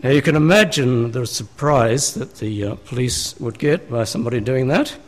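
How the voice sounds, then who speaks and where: A man preaching in an easy, conversational way, a pastor working through scripture with his congregation. His voice sits at a middle pitch, and he often turns to his listeners with rhetorical questions. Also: expressive, moderate pace. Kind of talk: sermon. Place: church.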